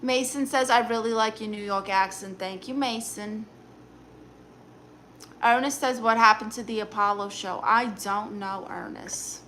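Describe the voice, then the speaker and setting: On a live stream, a woman with a Brooklyn accent takes on the role of a sassy aunt who reads out viewer comments and gives blunt dating advice, snapping back quick retorts. Her voice leans high, with fairly even intonation and a bright, forceful tone; there's slight background noise.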